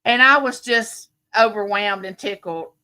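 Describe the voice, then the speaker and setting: A woman's voice: medium pitch, unhurried. A woman, chatting and telling stories to viewers on a live stream from home. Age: late 50s. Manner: chatty, warm, rambling storytelling with viewers. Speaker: livestream host. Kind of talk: casual live-stream chat.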